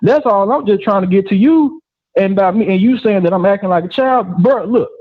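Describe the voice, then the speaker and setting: An irate caller with a Southern US accent, cursing and cutting across the host. His voice is high for a man. It comes through a dull, muffled line with no room sound. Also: a little fast, no echo. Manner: angry, profane, talks over the host.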